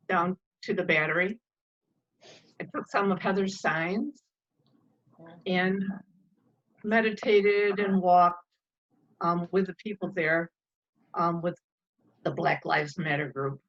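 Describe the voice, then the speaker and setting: A woman casually sharing with her meditation group over a video call in a soft, hesitant way. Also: lowish voice, dull audio.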